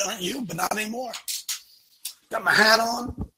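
A man with a husky voice hosts a fiery, preaching talk. He speaks bluntly and drives his points home by repeating them. The tone is bright and forceful. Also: high-pitched, normal speed, low-quality recording. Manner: emphatic, blunt, repeats lines for punch. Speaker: show host.

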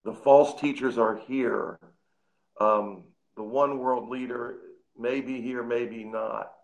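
A man earnestly recalling a past meeting and his regret, speaking haltingly and repeating himself. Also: medium pitch, fairly even intonation, rough recording. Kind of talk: reflective testimony.

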